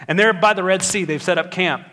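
A man's voice: high voice, brisk, pushed and bright. A man preaching a sermon as pastor, earnest and building to emphatic exhortation.

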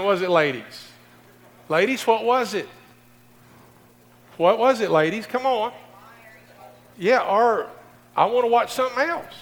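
A middle-aged male pastor with a high, slightly bright voice preaches a folksy sermon directly to his congregation. He sounds distant, recorded in a reverberant hall.

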